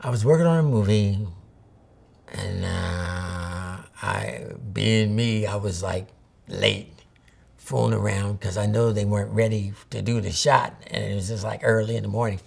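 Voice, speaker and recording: Older man, gravelly and husky, low voice; a photographer reminiscing in a rambling, storytelling way. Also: unhurried, darkish tone. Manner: rambling storyteller, acts out old conversations. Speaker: photographer interviewee. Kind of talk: reminiscing interview.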